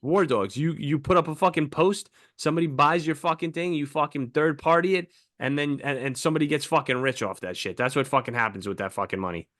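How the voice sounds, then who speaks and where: A man's voice: a little high, a little fast, few pauses, fairly bright tone, no echo, studio quality. A man co-hosting a podcast, ranting heatedly and swearing a lot in casual chat. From United States. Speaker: podcast co-host.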